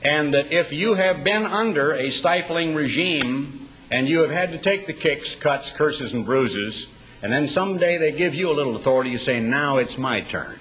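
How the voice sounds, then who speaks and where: A man preaching a sermon in a dramatic style, slowing down to recite scripture. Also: on the high side, expressive, fairly bright tone, low-quality recording.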